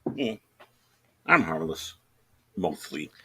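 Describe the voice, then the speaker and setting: Man, middle-aged, casual podcast chat, bright, pitch jumping around, rambling anecdotes. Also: slow, breathy edge. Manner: rambling, animated anecdotes with self-quotes and laughs. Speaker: podcast co-host.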